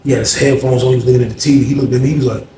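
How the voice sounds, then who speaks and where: A man telling a profane, vivid story out loud, acting out scenes and humming sound effects between lines. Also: mid-range voice, little pitch movement, racing, noisy background. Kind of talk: animated street storytelling. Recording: roomy echo.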